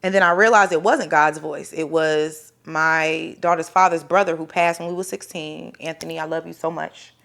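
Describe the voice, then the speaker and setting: A woman's voice: sits low, steady tone, normal speed, creaky, few pauses, fairly bright tone. A young woman telling a personal story in casual talk, acting out the voices of other people and swearing freely.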